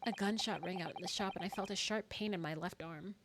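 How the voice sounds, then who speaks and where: A woman reading aloud the part of a remorseful man confessing a crime, in a measured, lightly dramatic reading voice. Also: mid-range voice, background noise, close to an everyday voice. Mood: solemn. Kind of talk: reading game text aloud. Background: game music.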